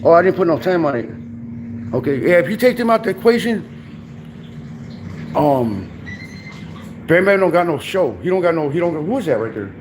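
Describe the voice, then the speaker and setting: A brash young man rambles through his livestream, swearing freely and firing street slang at viewers in the chat. His voice sits notably high for a man. Faint background hiss runs under his talk. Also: sing-song, normal speed, pauses often. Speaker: livestream host. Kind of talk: casual livestream banter.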